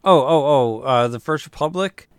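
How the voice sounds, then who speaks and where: A man's voice: mid-range voice, moderate pace, clear, resonant tone, no echo. A man chatting on a casual podcast, hesitant and full of fillers. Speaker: podcast co-host. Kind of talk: casual chat.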